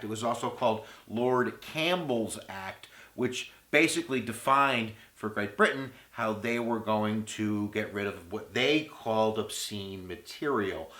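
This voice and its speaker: A man giving an energetic history video lecture, full of goofy jokes and playful asides. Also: medium pitch. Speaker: history teacher. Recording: roomy echo with faint music.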